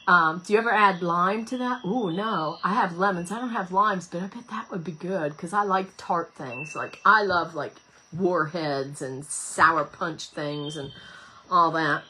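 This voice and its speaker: A woman's voice: lowish voice, measured pace, sharp tone, a little hiss or hum. A woman, chatting, giggling and rambling as she hosts a home craft livestream and reads viewer comments. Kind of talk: casual chat while crafting.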